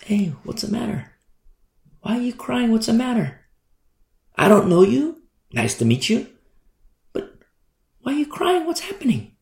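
A man preaching, voicing a gentle male messenger who softly coaxes a lost young woman. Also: medium pitch, sing-song, normal speed, long pauses. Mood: concerned. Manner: coaxing, soft, pleading. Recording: echoey room.

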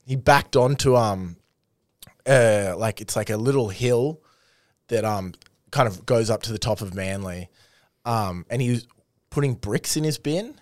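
A man's voice: medium pitch, a little slow, dry recording, clean studio sound. A young Australian man telling crude work stories in casual chat, laughing often and acting out the people in them. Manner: laughing, swearing, acts out voices in anecdotes.

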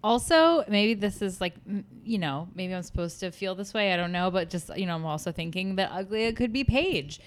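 A woman's voice: mid-range voice, animated, moderate pace, hardly any pauses. A woman guest on a fan podcast, floating her theories tentatively in casual chat.

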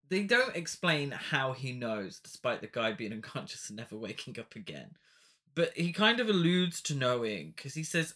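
A man co-hosting a podcast chats casually about a film, full of rambling, jokey asides and frequent laughs. His medium-pitched voice is sing-song, bright and forceful, at a moderate pace.

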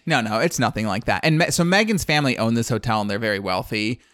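A man's voice: mid-range voice, lively intonation, quick pace, a bit bright, no echo. A man casually recapping a film plot on a podcast, rambling and chatty with lots of "like.". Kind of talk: casual chat.

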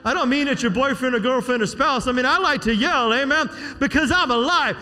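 High, fiery shouting preacher man. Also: a little fast. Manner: shouting, call-and-response "amen?". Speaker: pastor. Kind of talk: preaching a sermon. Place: church sanctuary. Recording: reverberant hall with music.

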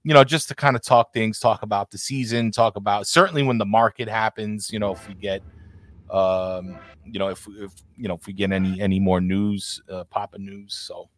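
A man hosting a casual football podcast, speaking in a relaxed, friendly way. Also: fairly low pitch, normal speed, no room sound. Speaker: podcast host. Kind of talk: casual podcast sign-off chat.

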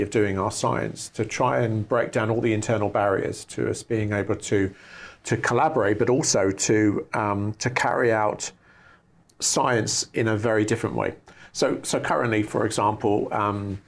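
Gravelly-voiced man, enthusiastic explainer. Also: on the low side. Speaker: research institute director. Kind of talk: interview answers.

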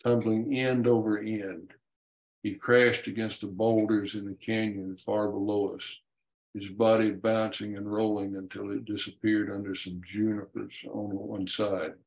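Author guy reading his own book, low flat voice, even and measured. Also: low-quality recording.

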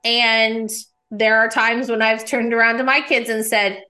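A woman's voice: fairly high pitch, level tone, measured pace, sharp tone, poor audio. A woman hosting a podcast, a mother talking in an enthusiastic, reflective way. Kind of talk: casual interview chat.

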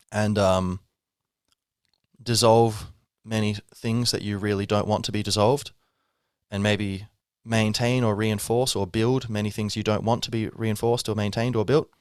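In this clean studio recording with no room sound, a man with a fairly low, clear and resonant voice hosts a podcast. He rambles casually through a reflective spiritual monologue, dropping in wry asides.

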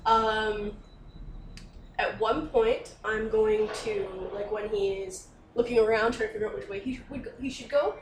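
A woman playing in a tabletop role-playing game, talking in a rambling, quick, giggly way. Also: mid-range voice, steady tone. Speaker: player. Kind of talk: casual tabletop play. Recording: echoey room, distant mic, faint noise.

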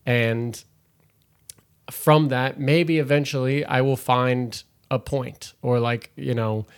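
A man's voice: medium pitch, steady tone, takes it slowly, smooth. A young man, a stand-up comedian, talking loosely in a casual podcast conversation, rambling with lots of fillers and restarts.

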